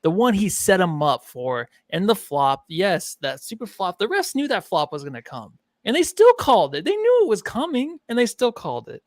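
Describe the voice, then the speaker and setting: A man's voice: sits high, big pitch swings, normal speed, few pauses, no echo, studio quality. A man co-hosting a casual sports podcast, joking and goofy, swearing freely. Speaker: podcast co-host.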